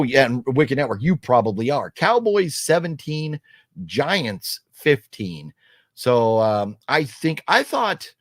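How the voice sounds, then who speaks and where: A man's voice: no room sound, clean studio sound. A man hosting a casual live stream, chatting loosely and reading viewer comments, rambling with frequent restarts. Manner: rambling, restarts often, animated swings in pitch. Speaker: host of a livestream movie talk show.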